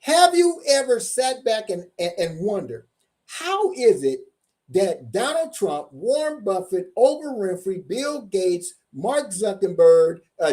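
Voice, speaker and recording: A man's voice: high-pitched, very animated, measured pace, mellow. A man delivers a motivational seminar presentation as a tax coach. He speaks emphatically, drawing out his key points and repeating them. He keeps asking his audience questions to pull them in.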